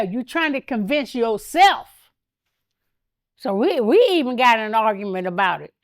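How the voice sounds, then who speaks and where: An older woman as an interview guest, telling candid stories in an animated way, laughing often and acting out what others said. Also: fairly high pitch, normal speed. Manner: animated, laughs often, acts out quoted speech. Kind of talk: candid storytelling.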